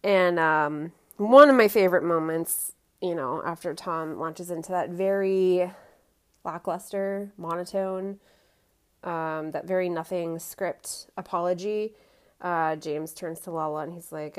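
Speaking at a moderate pace with a low-leaning, steady voice, a woman chats about a reality TV reunion. Her take is strongly opinionated and packed with fillers such as "um" and "you know."

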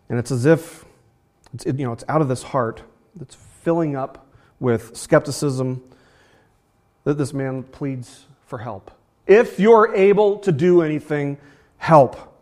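A man's voice: mid-range voice, a little mellow. A man preaching a sermon in a conversational way, repeating phrases and rising sharply for emphasis. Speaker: pastor.

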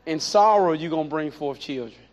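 A man preaching a sermon, animated and repetitive, with playful asides. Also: a little high, brisk. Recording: dull lo-fi recording.

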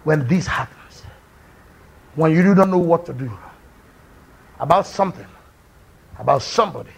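Fervent preacher, high gravelly voice. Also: male voice, normal speed. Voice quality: high, gravelly and husky, with shouted peaks. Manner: fervent preaching, swings from quiet to loud cries. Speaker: pastor. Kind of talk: sermon.

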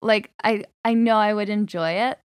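A woman's voice: medium pitch, fairly even intonation, moderate pace, dry recording, clean studio sound. A woman from Canada co-hosting a podcast, chatting casually and rambling with lots of "like". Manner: rambling, heavy use of "like", acts out quotes. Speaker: podcast co-host. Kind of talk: casual chat about musicals.

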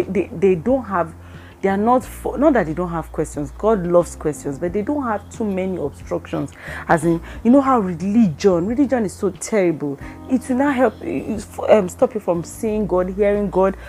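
A woman with a Nigerian accent giving a casual devotional talk. She speaks with lively energy, acts out bits of dialogue, and drops in pidgin phrases. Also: mid-range voice. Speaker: Christian speaker.

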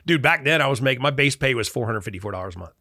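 Brief: middle-aged man from Chicago, bright voice, dry close sound, lively storyteller. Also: mid-range voice, very fast, no room sound. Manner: animated, acts out quoted dialogue. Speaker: guest. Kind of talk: casual storytelling in conversation.

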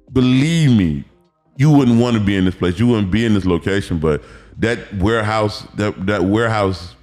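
A lowish-voiced man from Miami in his thirties, talking as a podcast guest. He tells long stories in a loose, animated way, acting out what people said and swearing freely. Faint music sits underneath. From Miami, Florida. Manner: animated, acts out quotes, profanity, repeats words. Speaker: podcast guest, former pro football player. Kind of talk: casual storytelling interview.

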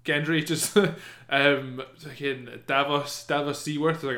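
A man chatting casually as a podcast co-host, animated and swearing, often acting out characters in silly voices. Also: on the high side, measured pace, few pauses. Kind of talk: casual chat. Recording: echoey room.

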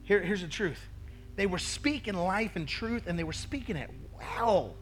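A man's voice: sits high, expressive, normal speed. A male pastor preaching a sermon, telling a story with acted-out quotes and frequent "right?" asides to the congregation.

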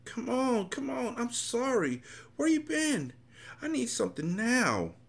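A man's voice: very high-pitched, sing-song, unhurried, creaky, voice pushed up, exaggerated voice. A man voicing a desperate, thin addicted mother who begs and whines like a child. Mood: pleading. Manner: whining, pleading like a child. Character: desperate, begging female crack addict, middle-aged, thin and worn.

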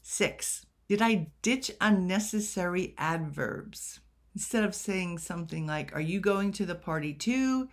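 Slow, chatty woman teaching writing. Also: fairly low pitch, expressive. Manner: chatty, rhetorical questions, self-deprecating asides. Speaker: writing coach. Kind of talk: casual editing tutorial.

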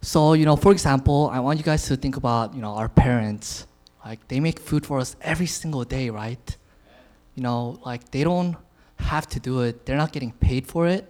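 A man's voice: medium pitch, moderate pace, a little mellow. Young man giving a chatty sermon. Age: 20s. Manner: casual, lots of filler words, chuckles often. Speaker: youth speaker sharing a message. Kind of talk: informal sermon talk.

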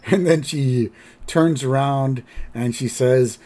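A man's voice: medium pitch, slow pace, vocal fry, mellow. A man hosting a podcast, casually recapping a cartoon episode with lots of fillers. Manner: rambling, filler-heavy. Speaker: podcast host.

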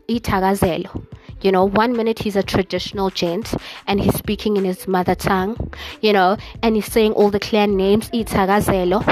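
A woman hosting a casual podcast, chatting and gushing to her listeners, from South Africa. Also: mid-range voice. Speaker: podcast host. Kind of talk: casual chat.

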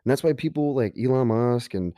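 A man's voice: mid-range voice, expressive, brisk, warm tone, no echo, clean studio sound. A man hosting a podcast, telling a personal story in an earnest way that builds to emphatic motivational points. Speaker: podcast host.

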